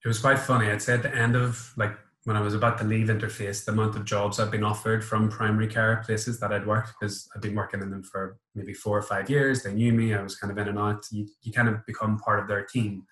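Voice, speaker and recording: A man with a Northern Irish accent, a pharmacist talking in a relaxed, matter-of-fact way in a casual podcast chat. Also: fairly low pitch, fairly quick, few pauses, roomy sound, poor audio. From Northern Ireland. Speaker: pharmacist guest.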